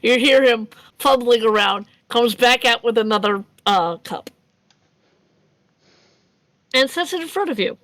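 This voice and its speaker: A woman narrates as game master, chatty and prone to giggles and restarts. Her voice sits a bit high, and the sound is close and dry. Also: expressive, unhurried, long pauses, a bit bright, no echo.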